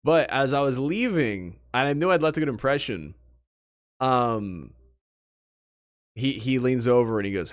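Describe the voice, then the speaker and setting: A young man streaming, chatting casually with his viewers and telling animated stories from a trip. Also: mid-range voice, a little slow, long pauses. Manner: animated storytelling, talks to chat.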